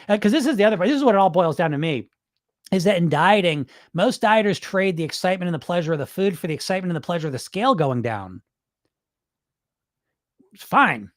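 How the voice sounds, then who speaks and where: A man coaching about weight loss on a live stream in casual talk, excitable and blunt, swearing as he gets worked up. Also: high-pitched, no echo, studio quality. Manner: informal and blunt.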